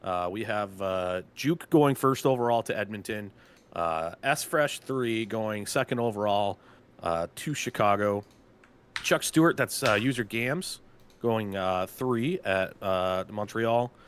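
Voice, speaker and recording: A man's voice: lowish voice, takes it slowly, slight background noise. A man, a team general manager, casually announcing draft picks with a chatty, loose manner and lots of filler words. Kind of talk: casual live draft commentary.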